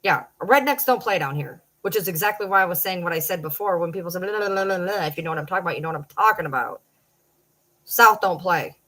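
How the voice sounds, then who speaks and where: A woman's voice: on the low side, animated, fast talker, fairly bright tone, low-quality recording. A woman of about forty with a Michigan accent, chatting bluntly and with plenty of swearing to viewers on a late-night livestream. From Michigan, Detroit downriver area. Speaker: social media personality.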